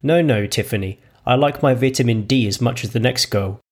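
A cheerful, simple-minded young woman, voiced by a man reading the story. She chirps along in a lilting, raised voice that keeps a gravelly, husky grain underneath. It suits a storybook reading. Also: medium pitch, a little fast, close to an everyday voice. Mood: innocent, chirpy.

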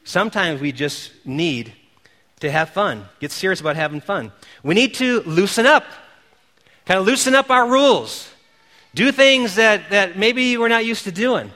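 Animated preacher guy, high bright voice, big echoey hall. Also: measured pace. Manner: animated storyteller, shouts out quoted cheers. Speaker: pastor. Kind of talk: sermon with storytelling.

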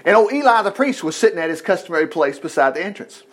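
Man, folksy preacher, high voice, very lively pitch, playful asides. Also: fast. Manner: animated, jokey asides, acts out characters. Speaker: preacher teaching a Bible lesson. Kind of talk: folksy sermon, Bible story retold.

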